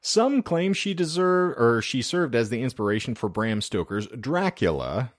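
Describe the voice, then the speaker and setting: A man hosting a casual podcast, telling a history story in a dry, deadpan way with some swearing. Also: mid-range voice, unhurried, dry recording. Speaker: podcast host presenting the topic.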